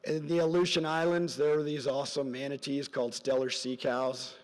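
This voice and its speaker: Middle-aged man, earnest storytelling speech, rambling asides, mid-pitched voice, long reverb of a big hall. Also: level tone, fairly quick. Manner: earnest, rambling with side stories, voice drops soft at emotional points. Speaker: parent giving a graduation speech. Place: large hall at a graduation ceremony.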